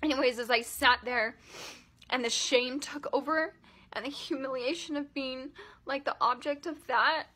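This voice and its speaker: Woman in her thirties, vlogger, tearful and halting, bright, slightly high voice. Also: fairly even intonation. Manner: emotional, halting, many "like" fillers. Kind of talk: personal storytelling vlog.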